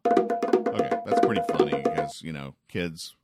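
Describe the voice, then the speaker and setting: Deep-voiced man, dry rambling sarcasm. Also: moderate pace, loud music behind the voice. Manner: dry, rambling, sarcastic humor with many fillers. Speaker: comics reviewer. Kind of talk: casual spoken commentary.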